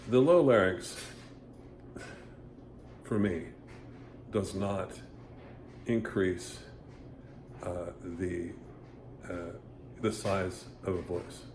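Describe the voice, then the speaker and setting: A man's voice: low-pitched, a little mellow, a little hiss or hum. A man giving a casual singing lesson, rambling and stopping often to sing short vowel demonstrations. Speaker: voice teacher. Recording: echoey room with faint ambience.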